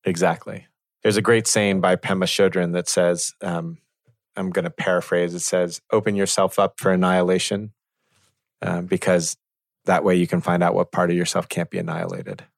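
A man teaching in a reflective conversation, measured and thoughtful, pausing to find his words. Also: low voice, level tone, gravelly, no room sound, clean studio sound.

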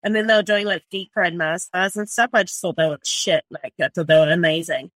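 A woman's voice: fairly low pitch, brisk, fairly bright tone, dry recording. A woman in her forties from New Zealand, with a New Zealand accent, telling her story as a chef in a blunt, swear-filled, casual way, full of "like". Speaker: chef and restaurant owner.

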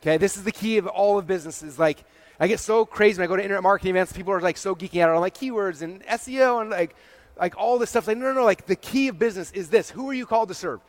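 A man giving a motivational talk to a live audience, energetic and peppered with "like", often checking in with "okay?" and "right?". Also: high-pitched, fast, no room sound. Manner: heavy use of "like" as a filler. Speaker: speaker presenting to a live audience.

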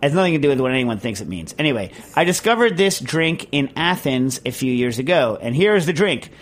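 Rambling, excitable man hosting a podcast. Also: medium pitch, a little fast. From Connecticut. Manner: rambling, excitable, tells stories with put-on voices. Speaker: podcast host reading listener questions. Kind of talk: casual chat.

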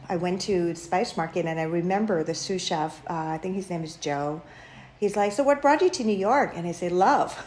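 A middle-aged woman from Thailand with a Thai accent, a chef telling her own story in an interview, animated, with frequent laughs and many fillers and restarts. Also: lowish voice. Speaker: chef and restaurant owner, guest.

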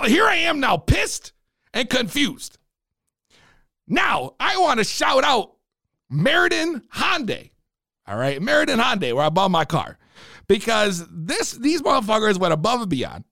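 Man, high bright edgy voice, swears nonstop, animated vlog storytime rant. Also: gravelly, dry recording, studio quality. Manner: profane, animated, ranting. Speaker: vlogger. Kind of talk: casual ranting storytime.

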